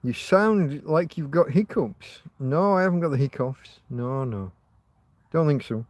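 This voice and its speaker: A man's voice: on the high side, lively intonation, a little slow, no echo. A man hosting a casual livestream, rambling and chatting to his viewers with frequent restarts. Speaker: livestream host.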